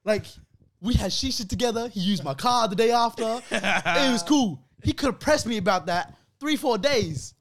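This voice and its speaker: Young man, casual storyteller, lively and slangy, voice sits fairly high and swings wide. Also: normal speed. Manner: animated, laughing often, heavy slang. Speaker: podcast co-host telling a story.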